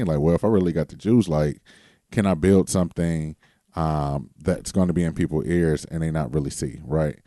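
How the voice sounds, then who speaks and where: A man co-hosting a casual podcast, talking in a loose, rambling way with a bass voice. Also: warm tone, no room sound, clean studio sound. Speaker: podcast co-host. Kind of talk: casual chat.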